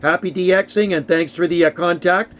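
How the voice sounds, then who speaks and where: A man's voice: sits high, steady tone, moderate pace, a bit bright. A man chatting casually over ham radio from his home radio shack, friendly and full of radio lingo. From Canada. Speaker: radio operator.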